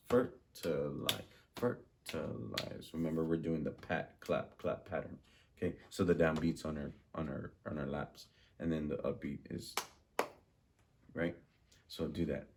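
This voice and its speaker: A man's voice: very deep voice, darkish tone, slight background noise. A man teaching a music lesson, patiently drilling rhythms and asking questions. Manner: slow, patient, repeats and drills words.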